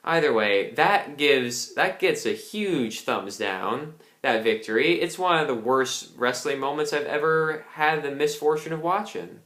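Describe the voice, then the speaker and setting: A man's voice: a little high, measured pace, hardly any pauses, a bit bright. A young man giving a casual, angry ranting review, swearing a lot. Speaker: wrestling reviewer. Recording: roomy echo.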